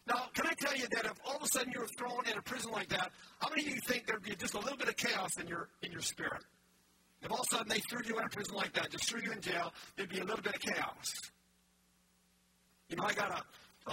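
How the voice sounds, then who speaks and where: A man preaching a sermon as pastor, telling stories with frequent restarts and asides in a large church. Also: high voice. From Canada. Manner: storytelling with many restarts and asides. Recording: distant mic with background noise.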